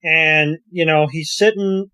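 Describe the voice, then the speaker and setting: A man co-hosting a podcast, chatting casually about a cartoon episode in a relaxed way, full of "you know" and "kinda". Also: a little high, slow, clean tone, dry recording. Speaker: podcast co-host.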